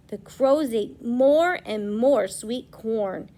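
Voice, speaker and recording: A young woman, a preschool teacher, reading a storybook aloud to children and gently asking them questions. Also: on the high side, extremely slow.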